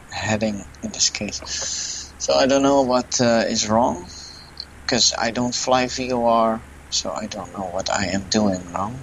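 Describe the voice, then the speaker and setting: A young man with a Dutch accent talks through a flight simulator session, thinking aloud and admitting what he doesn't know. His voice sits on the low side. A faint hum of game ambience runs underneath. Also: a bit bright, poor audio. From Netherlands. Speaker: flight sim gamer. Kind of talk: casual gameplay commentary.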